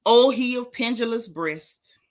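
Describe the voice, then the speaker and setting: A woman's voice: fairly high pitch, measured pace. A woman hosting a gossip show as a casual livestream, dramatic and theatrical, talking straight to her chat viewers. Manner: talks directly to chat viewers.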